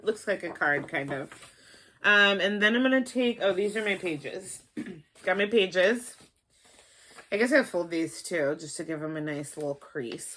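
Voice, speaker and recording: A young woman from the Midwest, her voice sitting a bit low, walks through a craft project in a loose, playful ramble. She is a little high, and her talk drifts with fillers and asides. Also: moderate pace, fairly bright tone. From American Midwest. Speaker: craft tutorial host. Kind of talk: casual how-to demonstration.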